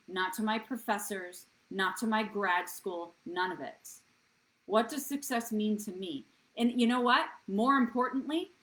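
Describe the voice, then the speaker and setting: A woman's voice: medium pitch, a bit bright, rough recording. A woman in her thirties hosting a live wellness show, talking earnestly to viewers in a coaching way and often checking in with "right?". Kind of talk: live-stream talk to viewers.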